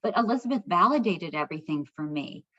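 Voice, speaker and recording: A middle-aged American woman, a guest speaker, telling a personal story with heartfelt, animated retelling and acted-out dialogue. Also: fairly low pitch, fast. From United States. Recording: slightly dull lo-fi recording.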